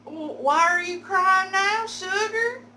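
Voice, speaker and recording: A woman's voice: very high voice, slow pace, bright, forceful tone, slight background noise, pitched above the performer's own voice, heavily acted. A woman voicing a drunk, sweet-talking male strip club customer who keeps calling her baby and darling. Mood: doubtful.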